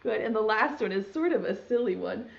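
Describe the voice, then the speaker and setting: A young woman leading preschoolers through songs, talking slowly and encouragingly in a sing-song way. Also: mid-range voice, expressive, gravelly, dull audio. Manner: slow, sing-song and encouraging, using baby signs. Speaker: preschool teacher. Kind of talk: singing and teaching preschoolers.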